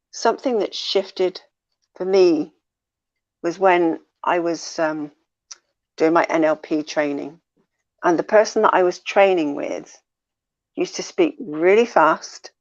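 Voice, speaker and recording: A woman coach talks through ideas in a conversational show, reflective and explanatory as she draws on personal experience. Her voice sits a little low. The recording sounds dull and lo-fi. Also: a little mellow. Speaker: life coach. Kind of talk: conversational talk show discussion.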